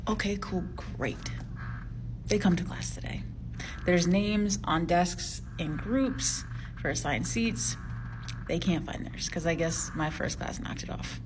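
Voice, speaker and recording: A woman's voice: mid-range voice, background noise. A woman, a teacher, telling a sheepish story about a classroom mistake in a social media video. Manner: slow, sighing, sheepish.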